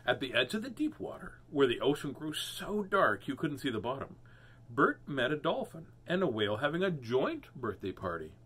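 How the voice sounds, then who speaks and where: A man's voice: mid-range voice, very animated, normal speed, a bit bright, a little hiss or hum. A man hosting a read-aloud of children's books, playful with jokey asides between pages. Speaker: host reading children's books.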